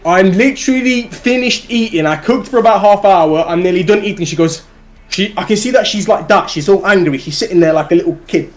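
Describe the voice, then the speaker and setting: A man with a British accent telling a story on a livestream, animated and swearing, often laughing as he goes. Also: sits high, brisk. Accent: British English. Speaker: live streamer.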